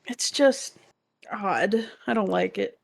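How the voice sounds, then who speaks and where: A woman's voice: mid-range voice, takes it slowly, creaky. Blunt, dry-reacting woman co-host. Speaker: podcast co-host. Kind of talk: casual chat, reacting.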